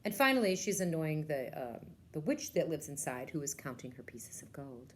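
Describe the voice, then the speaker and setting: A woman's voice: deep voice, big pitch swings, moderate pace, slight background noise. A woman librarian giving a casual, enthusiastic book talk and retelling a story, with lots of ums and uhs.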